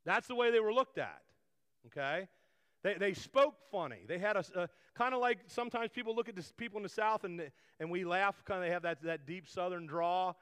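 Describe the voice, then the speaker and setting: A man's voice: high voice, brisk, fairly bright tone, clean tone. A man preaching a conversational sermon, rambling with frequent restarts and asides. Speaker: pastor. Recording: long hall reverb.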